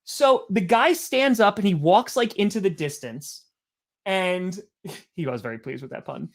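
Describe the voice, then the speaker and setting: A man's voice: sits high, a little slow. A man hosting a live stream, calling plays and telling a rambling story in a chatty, casual way. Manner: animated, chatty storyteller with many "like"s. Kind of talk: casual live game commentary mixed with storytelling.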